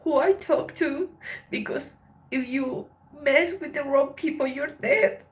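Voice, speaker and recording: A woman hosting a livestream, talking in a halting, emotional way with lots of swearing and a voice that breaks with tears. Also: high-pitched, rough recording. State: tearful. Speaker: livestream host. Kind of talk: emotional casual livestream chat.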